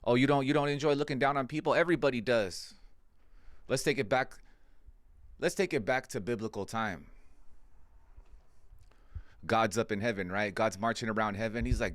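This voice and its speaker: A man's voice: mid-range voice, moderate pace, pauses often, a bit bright, no echo. A man delivering a comedic monologue, laid-back and slangy, swearing constantly.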